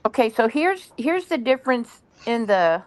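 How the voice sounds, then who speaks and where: Woman co-host, a bit higher voice, matter-of-fact explainer, casual chat. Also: big pitch swings, normal speed, no room sound, rough recording.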